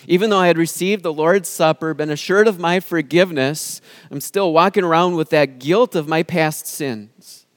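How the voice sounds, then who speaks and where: Pastor guy preaching, earnest and emphatic, a bit high voice, dry close sound. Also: dry recording. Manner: earnest, emphatic, with dramatic pauses. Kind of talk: sermon.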